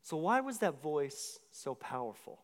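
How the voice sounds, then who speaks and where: A man's voice: a little high, big pitch swings, a little slow. A man giving a sermon as a personal testimony, telling his story casually with fillers and restarts. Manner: conversational storytelling with filler words and repeated restarts. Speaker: pastor. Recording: long hall reverb.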